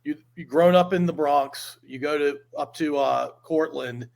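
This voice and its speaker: A man's voice: a little high, a little slow, creaky, darkish tone. A man hosting a podcast, asking casual, conversational questions with a few restarts. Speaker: podcast host. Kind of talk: conversational interview.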